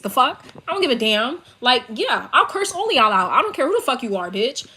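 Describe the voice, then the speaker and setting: A woman's voice: high-pitched, big pitch swings, a little fast, few pauses, sharp tone, husky. A young woman with a New York accent tells a story to her laptop from her bedroom, ranting in a heated, profane, emphatic way. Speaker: vlogger telling a story. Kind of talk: storytime rant to camera. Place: her bedroom, seated on bed. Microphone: laptop built-in mic.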